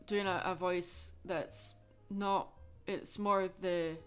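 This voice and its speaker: A Scottish woman chatting frankly with soft laughs while drawing on a livestream. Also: lowish voice, fairly even intonation, takes it slowly, clean tone, faint music behind. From Scotland. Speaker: livestreaming artist.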